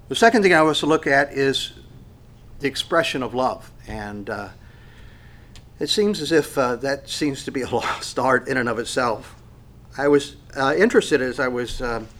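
A man preaches a sermon at a middle pitch, thinking aloud with pauses and fillers. His delivery swings from hushed, low lines to emphatic, rising phrases. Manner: reflective, with frequent fillers and pauses.

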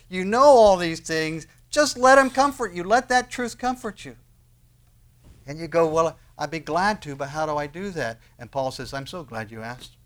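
A male pastor preaching a sermon in an animated way, asking rhetorical questions and raising his voice for emphasis. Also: a little high.

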